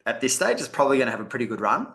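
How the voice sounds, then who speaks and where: A male podcast host with a voice of middle pitch. He asks a question casually and rambles through it with small restarts. His tone is plain and conversational. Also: very animated, racing, fairly bright tone.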